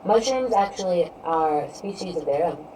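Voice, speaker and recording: A woman's voice: lowish voice, animated, moderate pace, dark tone. A woman live-streaming and chatting casually with her viewers, rambling from topic to topic and filling her talk with "you know". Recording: distant mic with faint background noise.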